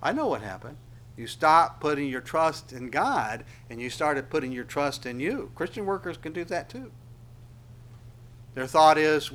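Impassioned preacher man, rising to loud peaks. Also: a little high, animated, measured pace. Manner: explains word by word, asks listeners to underline. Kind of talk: expository sermon.

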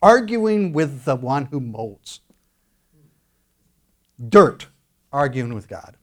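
A man preaching a sermon, animated, acting out quoted voices as he goes. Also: medium pitch, a little slow. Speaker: pastor.

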